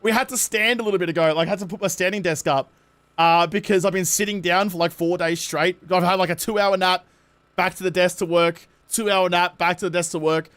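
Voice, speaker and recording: Tired, high-voiced Australian streamer guy. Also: fairly even intonation, a little fast, a bit bright, clear, resonant tone. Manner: chatty, jokey, self-mocking. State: tired, worn voice. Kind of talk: casual live-stream chat.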